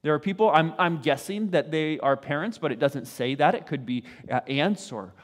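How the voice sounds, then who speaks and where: A man's voice: on the high side, lively intonation, moderate pace. Man preaching conversationally in a reverberant hall. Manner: conversational, frequent "right?" asides, acts out voices of parents and kids. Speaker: pastor. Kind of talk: sermon.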